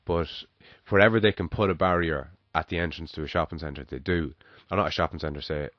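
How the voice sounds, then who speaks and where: Deep-voiced man, swearing freely. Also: brisk, no room sound. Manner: relaxed, swears freely, tells examples. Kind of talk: casual podcast chat. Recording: dull, dry sound.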